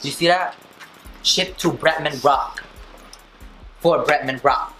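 A man's voice: a little high, slow pace. A young man bantering casually with his mom, sassy and teasing, swearing often. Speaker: vlogger. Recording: echoey room with music playing.

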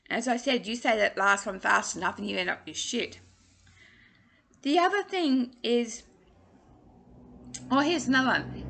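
A woman's voice: a little high, animated, a little slow, gravelly, sharp tone. A woman, giving a casual singing lesson in a chatty, playful way. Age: 60s. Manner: chatty and playful, drawing out drills. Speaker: singing teacher.

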